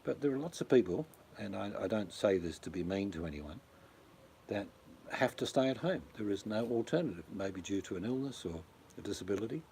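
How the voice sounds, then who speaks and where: A man's voice: fairly low pitch, lively intonation, brisk, creaky, mellow, slight background noise. An Australian man chatting casually on a livestream, rambling and blunt, talking to viewers by name. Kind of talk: casual chat.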